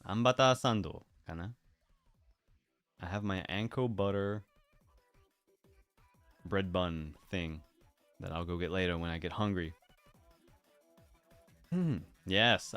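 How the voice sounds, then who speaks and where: A man's voice: deep voice, slow pace, long pauses, a bit bright, smooth, no echo, faint music behind. A man chatting casually on a livestream, musing aloud in a playful way and drifting into silly voices. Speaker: streamer.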